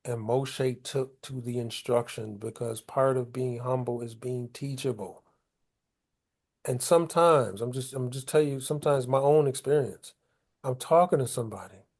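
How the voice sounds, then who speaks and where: A man's voice: mid-range voice, moderate pace, a little mellow. A man leading a Bible study, explaining scripture in loose, colloquial everyday talk. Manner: colloquial, paraphrases scripture in casual street talk. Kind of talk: conversational Bible study teaching.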